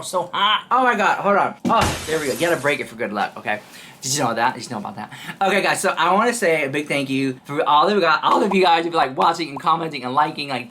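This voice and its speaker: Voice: medium pitch, a bit bright, slight background noise. A host chatting casually through gossip commentary, talking straight to viewers and calling them "girl" again and again.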